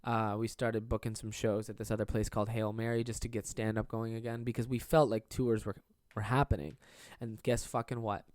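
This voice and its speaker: A man's voice: fairly low pitch, flat delivery, fairly quick, hardly any pauses, darkish tone, no echo, clean studio sound. A man in his twenties hosting a podcast, talking in a rambling, profane, self-deprecating way as a stand-up comedian. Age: 20s. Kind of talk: casual solo podcast monologue.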